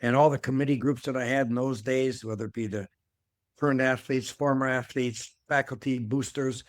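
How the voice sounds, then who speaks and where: An older man speaks as an interview guest in an unhurried, rambling way. His voice sits at an ordinary pitch and sounds dry and close. He doubles up on words and leans on "uh" as he tells his story. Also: steady tone, dry recording. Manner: rambling, repeats words, fills with uh. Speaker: guest, former athletic director. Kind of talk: conversational storytelling.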